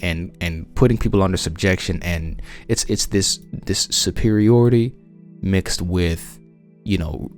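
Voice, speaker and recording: Deep-voiced Southern US man teaching. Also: darkish tone. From United States. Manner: emphatic, insistent, frequent restarts. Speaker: religious podcast host. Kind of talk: conversational Bible teaching.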